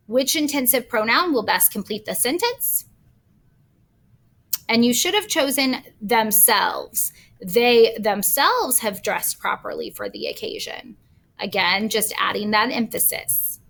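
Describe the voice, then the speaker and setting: A woman's voice: on the high side, expressive, unhurried, vocal fry, sharp tone. A woman teacher recording a grammar lesson, patiently explaining with examples step by step.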